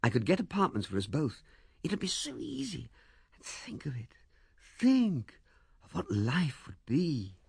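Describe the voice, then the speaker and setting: A man's voice: fairly high pitch, wildly swooping pitch, unhurried, creaky, a little mellow, husky, no echo, clean studio sound, voice pushed up, heavily acted. A man playing an urgent, earnest young suitor. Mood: persuading. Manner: pressing, insistent. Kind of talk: audiobook character voice.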